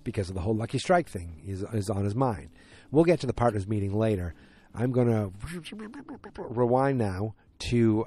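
A man's voice: lowish voice, mellow. A man hosting a solo podcast, recapping a TV series in a casual, rambling way with frank, loose swearing.

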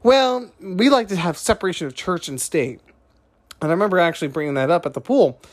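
A man's voice: high-pitched, lively intonation, brisk. A man hosting a podcast, talking through his views in a rambling, conversational monologue that keeps digressing. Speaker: podcast host. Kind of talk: casual monologue.

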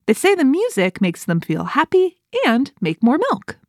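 A woman's voice: sits high, big pitch swings, moderate pace, darkish tone, no echo, studio quality. A woman hosting a children's toothbrushing show, reading a cheerful, playful script and counting down for kids. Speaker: host.

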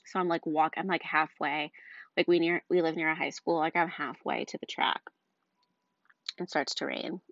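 Young woman, exasperated mom, chatty vlog, lower voice, lo-fi dry sound. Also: fairly even intonation, normal speed, fairly bright tone, no echo. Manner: chatty, exasperated, frequent fillers like "like" and "um". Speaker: mother of two small children. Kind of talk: casual storytelling vlog. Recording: dull, dry lo-fi recording.

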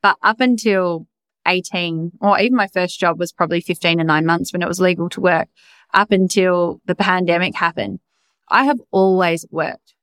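A woman's voice: fairly low pitch, a bit bright, clean tone, no echo. A young adult woman hosting a podcast, talking in a raw, emphatic, confessional way and swearing freely. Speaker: podcast host. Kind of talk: candid personal monologue.

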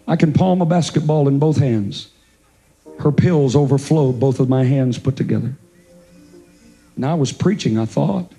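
A man preaching a revival sermon as pastor to a congregation, impassioned, rising into chanted singsong and dropping to low storytelling. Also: normal speed, dark tone, breathy edge, faint music behind, poor audio. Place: church service before a congregation.

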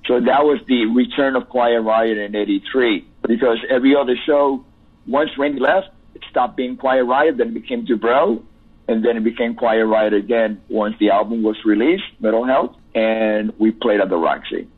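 A man's voice: medium pitch, steady tone, moderate pace, husky. A man, a musician guest, talking at length in an interview, rambling and reflective with frequent restarts. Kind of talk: interview over the phone. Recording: tinny phone line.

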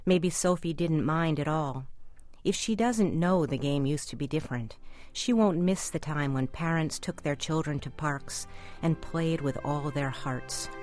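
A woman with a very low voice reads her own commentary slowly and reflectively. The recording is dry and close, with no room sound. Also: a little mellow, no echo, faint music behind. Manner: reflective, measured reading. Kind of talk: scripted personal essay.

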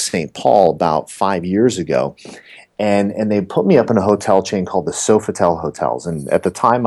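A middle-aged man with a low, mellow voice, guesting on an interview. He spins animated, joking stories with plenty of asides. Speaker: real estate coach, podcast guest. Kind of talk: casual storytelling interview.

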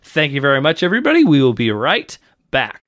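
A man hosting a casual podcast, chatty and relaxed, reading notes and bantering with his co-host. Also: fairly high pitch, fast, no echo, clean studio sound.

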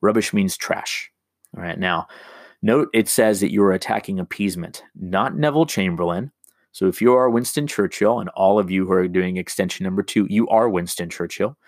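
A man's voice: low voice, normal speed, no room sound, studio quality. A man teaching a recorded remote lesson, explaining an assignment step by step with many ums and restarts.

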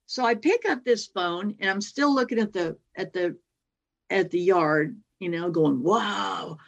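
A woman's voice: fairly low pitch, unhurried. A woman in her sixties telling a personal story as a guest, rambling and often circling back to her point. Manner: rambling, keeps circling back with "well, anyway".

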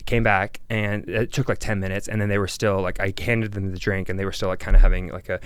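Animated young man telling a story fast. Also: low voice, smooth, no room sound. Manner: animated, acts out quoted voices, laughs often. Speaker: podcast co-host telling a story. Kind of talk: casual storytelling chat.

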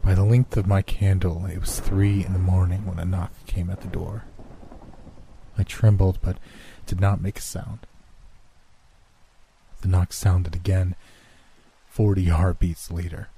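A man reading a horror story aloud in a measured, hushed narration. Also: sits low, level tone, creaky, a little hiss or hum.

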